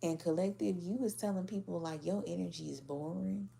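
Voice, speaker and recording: A woman's voice: lowish voice, brisk, gravelly, warm tone. A woman giving a casual tarot reading to a general audience, blunt and profane, acting out how other people react. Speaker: tarot reader.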